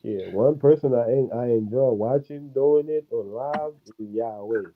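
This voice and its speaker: Man, casual chat, relaxed filler-heavy talk, muffled lo-fi sound, faint hiss. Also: medium pitch, a little slow. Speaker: panel guest.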